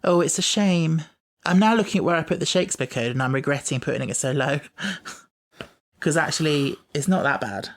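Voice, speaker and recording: A man hosting a podcast in casual chat, chatty and quick to explain himself, often doubting his own choices. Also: medium pitch. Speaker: podcast host.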